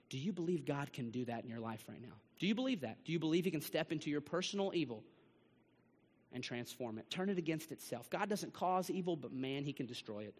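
A man preaching a sermon to his church, swinging between rising bursts and hushed drops. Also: medium pitch, in a large hall. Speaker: pastor. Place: church sanctuary.

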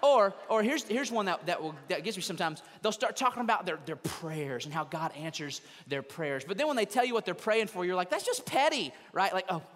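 In a conversational sermon given from the stage of a church sanctuary and streamed online, a pastor imitates churchgoers in quoted asides. He has a high, slightly bright voice with lively intonation, moving fairly quickly with few pauses, and the room leaves a long reverb tail.

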